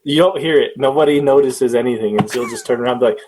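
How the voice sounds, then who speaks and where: A man's voice: mid-range voice, quick pace, darkish tone, a little hiss or hum. A young man co-hosting a podcast in casual chat, easygoing and chuckling as he tells stories. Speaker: podcast co-host.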